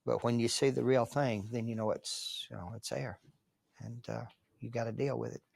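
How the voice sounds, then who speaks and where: A man's voice: mid-range voice, steady tone, normal speed, gravelly, a little mellow, slightly rough, no echo. A man interviewed for a documentary, recounting a memory and acting out the words of others. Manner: storytelling, acts out quoted dialogue.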